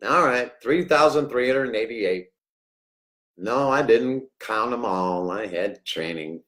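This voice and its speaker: A middle-aged man hosting a rambling livestream, jokey and swinging between loud outbursts and hushed asides. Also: mid-range voice. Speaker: livestream host.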